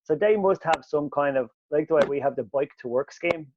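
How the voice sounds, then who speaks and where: A man, co-hosting a podcast and telling animated, sweary stories in casual chat. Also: fairly high pitch, brisk, lo-fi sound, a little hiss or hum. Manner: animated storyteller, swears freely. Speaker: podcast co-host.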